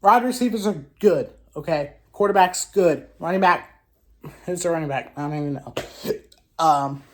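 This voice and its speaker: A woman hosting a casual sports commentary vlog. She trash-talks in an animated way, with loud exclamations, rhetorical questions and frequent restarts. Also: fairly low pitch, normal speed. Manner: frequent restarts and self-corrections. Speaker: sports show host.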